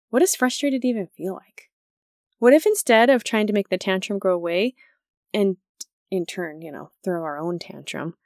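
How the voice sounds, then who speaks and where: A woman in her thirties talks through a parenting podcast in a loose, chatty way, laughing often as she goes. Her voice sits at a middling pitch. It is recorded close and dry, with no room sound behind it. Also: no room sound. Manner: conversational, laughs often, acts out quoted lines. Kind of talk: casual podcast talk.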